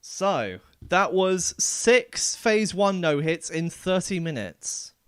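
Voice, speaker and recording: This gamer's voice sits high and is very animated, yet he speaks slowly, with a clean tone and no echo. He keeps up casual, chatty live-stream commentary as he plays, letting his sentences trail off softly.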